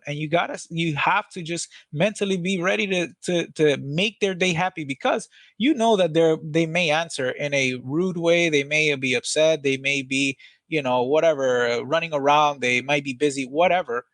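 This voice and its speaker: Energetic, blunt man with a dry close sound. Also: fairly high pitch, normal speed, no echo. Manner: energetic, blunt, swears casually. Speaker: podcast guest, sales team trainer. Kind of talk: casual podcast interview.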